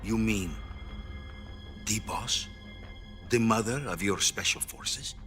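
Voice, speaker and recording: An actor playing a stern older Soviet premier, speaking slowly and gravely on a hotline call over game cutscene music. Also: male voice, on the low side, a bit bright. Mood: grave, menacing. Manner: slow, grave and threatening.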